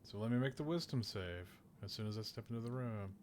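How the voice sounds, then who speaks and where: A man's voice: lowish voice, animated, quick pace, slight background noise. A man playing in a tabletop game, working through the rules aloud and planning his character's moves. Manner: methodical, checks rules out loud. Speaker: player.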